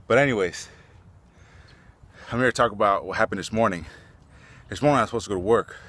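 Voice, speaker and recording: A man's voice: on the low side, fast talker, pauses often, a bit bright. A man out of breath, talking casually to the camera outdoors in a park, rambling and earnest with frequent restarts. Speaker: vlogger. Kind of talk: casual vlog talk.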